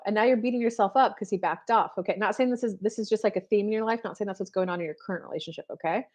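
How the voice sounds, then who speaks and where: A woman's voice: medium pitch, racing, hardly any pauses, a little mellow. A woman, a spiritual coach hosting a casual live show and chatting straight to her viewers with many fillers. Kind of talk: casual live-stream chat.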